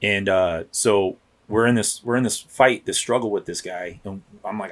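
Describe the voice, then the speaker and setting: A man's voice: fairly low pitch, normal speed, a bit bright, slight background noise. A man in his thirties, a police officer, telling rambling stories in casual podcast chat. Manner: rambling, restarts, acts out quotes. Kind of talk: casual storytelling.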